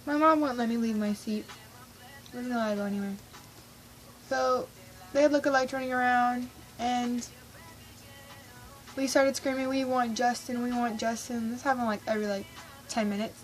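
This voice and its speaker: A teenage girl vlogging, telling a rambling, excitable story with lots of fillers. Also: on the high side, moderate pace, pauses often, soft background music, poor audio. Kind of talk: casual storytelling vlog.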